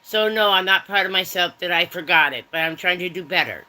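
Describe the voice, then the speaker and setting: A woman's voice: lowish voice, a little fast, pushed and bright, poor audio. A woman hosting a casual livestream chat from home, talking straight to her viewers in a rambling, chatty way. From Germany. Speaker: livestream host.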